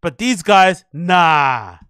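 A man's voice: high voice, lively intonation, extremely slow, fairly bright tone, smooth, dry recording. A man ranting in a sarcastic, profane reaction commentary. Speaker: online commentator.

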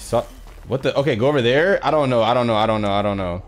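A man's voice: medium pitch, fast talker, background noise. A young man doing nervous let's-play commentary, swinging between muttered self-talk and shrieks and cursing a lot. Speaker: gaming YouTuber. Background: game music.

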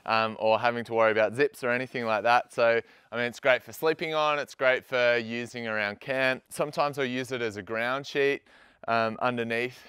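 A young man hosting a casual outdoor gear review, talking in a relaxed way with plenty of ums and you-knows. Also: medium pitch, moderate pace, smooth, no room sound, clean studio sound. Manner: relaxed, conversational with frequent fillers.

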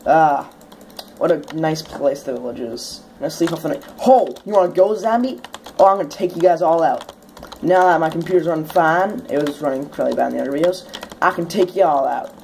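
A woman's voice: low voice, fast, vocal fry, darkish tone, a little hiss or hum. A young woman hosting a gameplay video, chatting casually as she plays, swearing now and then and bursting into sudden shrieks when startled. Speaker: let's play host.

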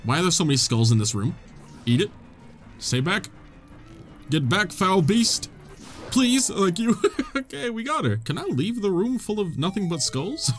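A man giving excitable, joking gameplay commentary, laughing often and talking to the characters on screen. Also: fairly high pitch. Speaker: gamer.

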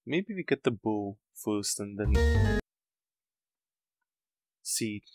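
Brief: man with a lowish voice, casual let's-play host puzzling aloud, game music behind. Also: animated, measured pace, low-quality recording. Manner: musing, thinking aloud. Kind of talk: casual gameplay commentary.

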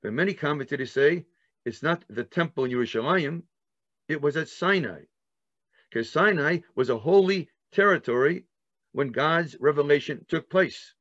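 A man's voice: on the high side, moderate pace, dry recording, lo-fi sound. An older man teaching a Torah class as a rabbi, acting out words with his breath and asking questions he then answers himself. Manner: animated, enacts words with breath and gasping sounds. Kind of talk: Torah lesson.

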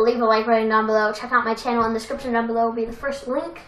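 A young woman casually commenting on a racing game she plays, chatty and self-deprecating, with excitable outbursts. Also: fairly high pitch, racing, slight background noise. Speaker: let's play gamer. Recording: echoey room with game music.

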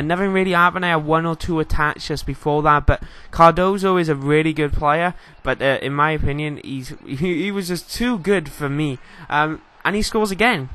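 A man's voice: on the high side, fairly bright tone. A young man with a Welsh accent, giving a casual, rambling game commentary voice-over full of fillers. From Wales. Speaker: gaming YouTuber.

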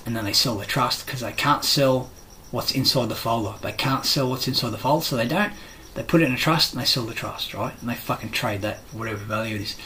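A man's voice: mid-range voice, fairly bright tone, poor audio. Australian man, middle-aged, profane rambling rant, aggrieved, crickets, faint hiss. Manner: heavy swearing, blunt and aggrieved.

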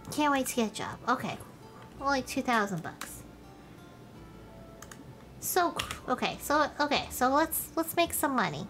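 A woman streaming a game live, her voice high and bouncing all over as she narrates at an unhurried pace. She talks back to the characters on screen and swears playfully along the way. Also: a bit bright. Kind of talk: live gameplay commentary.

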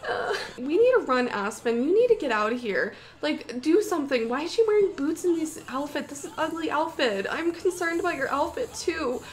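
A young woman with a high, bright-toned voice talks through gameplay in an excitable, panicky way, gasping and exclaiming. A faint hiss of noise sits under her voice. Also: moderate pace. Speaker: gaming YouTuber. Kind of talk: gameplay commentary.

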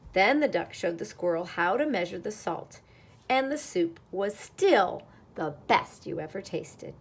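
A woman reads a picture book aloud in an expressive storytelling voice. She takes her time with dramatic pauses, and her mid-pitched voice has a gravelly edge.

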